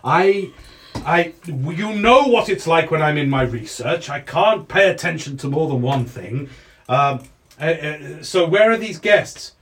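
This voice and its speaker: A man voicing an irritable, absent-minded, pompous male wizard with a gruff manner. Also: on the high side, animated, unhurried, a bit bright. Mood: flustered.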